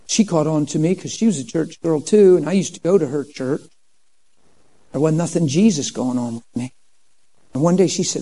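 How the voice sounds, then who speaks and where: A man in his fifties telling his life story in a sermon, animated and acting out what people said. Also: fairly high pitch, moderate pace, poor audio. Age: 50s. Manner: animated storytelling, acts out quoted dialogue. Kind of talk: sermon testimony.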